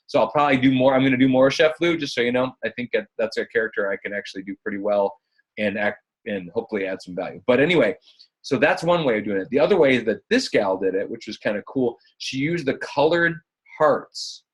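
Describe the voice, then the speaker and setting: Husky upbeat male coach. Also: mid-range voice, fairly quick. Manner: upbeat, chatty, addresses listeners as guys. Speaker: fitness business coach. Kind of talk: live online coaching call.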